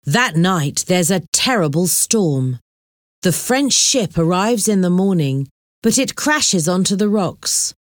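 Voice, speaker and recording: A woman reading a children's chapter story aloud, clear and deliberate. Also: on the low side, animated, no room sound, studio quality. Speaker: narrator.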